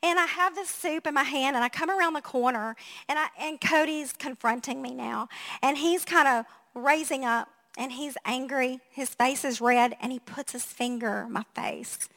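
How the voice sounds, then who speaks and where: A middle-aged woman pastor giving a sermon, telling funny family stories in an animated way and laughing at herself. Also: high-pitched, moderate pace.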